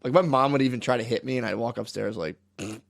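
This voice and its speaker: A man co-hosting a podcast in casual chat, telling animated stories, acting out quotes and swearing freely. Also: mid-range voice, fast talker, gravelly. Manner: animated storyteller who acts out quotes; frequent swearing and "dude". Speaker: podcast co-host.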